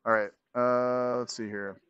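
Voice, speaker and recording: A man's voice: mid-range voice, level tone, measured pace, fairly bright tone, smooth, no room sound. A man talking casually on a live stream, loose and full of fillers as he explains an idea. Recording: slightly dull lo-fi stream audio.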